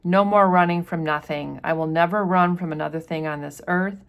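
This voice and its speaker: A woman's voice: on the low side, fairly quick, clean tone, natural voice. A woman reading the lines of a stern, weary mother who was once enslaved, in a firm, defiant way.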